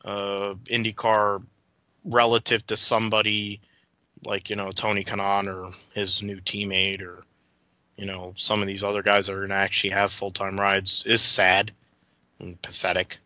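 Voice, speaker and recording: A man's voice: on the low side, monotone, moderate pace, bright, forceful tone, no room sound. A man as a podcast guest, rambling through detailed motorsport recollections with frequent restarts in casual chat.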